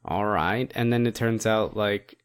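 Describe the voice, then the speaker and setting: A man's voice: on the low side, unhurried, smooth. A man co-hosting a podcast in casual chat, rambling with many fillers and frequent laughs. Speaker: podcast co-host.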